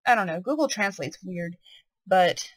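A woman's voice: lowish voice, animated, normal speed, husky, no room sound, poor audio. A woman giving gameplay commentary, curious and speculating aloud as she plays. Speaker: let's play host.

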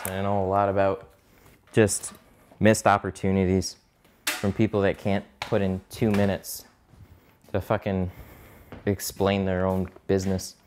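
On the low side, this man's voice comes with a slight hiss or hum in the recording. A mobile tint installer, he chats and swears a bit on a live stream, distracted as he works and hunts for tools.

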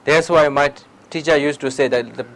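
Rough audio captures a Tibetan-accented man whose voice sits on the high side and moves a little fast. Teaching meditation in a lecture hall, he tells stories with energy in broken English, keeps asking "okay?", and fields questions during this public dharma talk.

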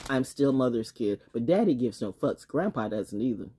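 A woman vlogging in a casual livestream monologue, blunt and swearing, laughing often and swinging from loud shouting to low muttering. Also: lively intonation, normal speed, very noisy. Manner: blunt, swears, trash-talking.

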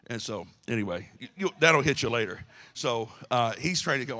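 A man's voice: medium pitch, animated, moderate pace, pushed and bright. A male pastor giving a casual, joking sermon to his church, with many restarts. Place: church sanctuary.

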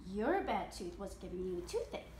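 A woman voicing a small, brave male mouse in a children's story, speaking calmly and kindly. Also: medium pitch, moderate pace, recorded from a distance, slight background noise, pitched below the performer's own voice, close to an everyday voice. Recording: echoey room.

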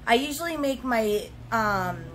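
A woman's voice: fairly high pitch, lively intonation, a little slow, fairly bright tone, slight background noise, low-quality recording. A young woman chatting at home as she opens gifts on camera, gushing with gasps and squeals. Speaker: vlogger opening mail. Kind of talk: casual unboxing chat.

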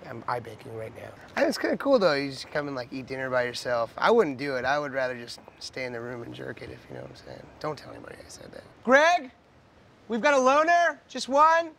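Bright-voiced slacker waiter, riffs aimlessly, some shouting, film outtake. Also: male voice, medium pitch, very animated, fast talker, vocal fry, hardly any pauses, a little hiss or hum. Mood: rambling. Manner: rambling comic riffs, bursts of shouting.

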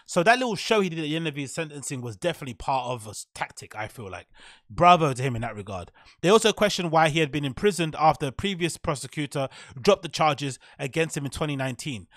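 A sardonic man holds forth alone on his podcast, mocking and ranting as he goes. His voice sits a little high for a man. The sound is dry and close, with no room around it. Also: fairly bright tone, no echo. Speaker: podcast host. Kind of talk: solo commentary on news and gossip.

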